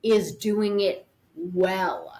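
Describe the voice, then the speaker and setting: A woman appears as a podcast guest on grief, explaining her ideas through vivid imagery in an earnest, thoughtful, reflective conversational interview. Her medium-pitched voice is expressive, creaky, and a little mellow, with drawn-out words.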